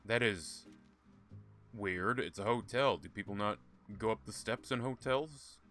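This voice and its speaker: A man's voice: fairly low pitch, a little slow, fairly bright tone, soft background music. A man giving casual, sarcastic, profane commentary while playing a point-and-click game. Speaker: gaming streamer. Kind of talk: casual let's-play commentary.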